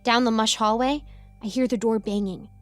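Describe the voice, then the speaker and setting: A woman's voice: fairly high pitch, steady tone, moderate pace, soft background music. Playful woman reading a horror story. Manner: playful, breathless girlish delivery with sudden yelps and giggles. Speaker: narrator. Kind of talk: first-person horror story narration.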